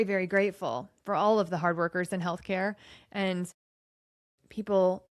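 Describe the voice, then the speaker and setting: Middle-aged woman coach hosting a panel podcast; earnest, heartfelt, slightly low voice.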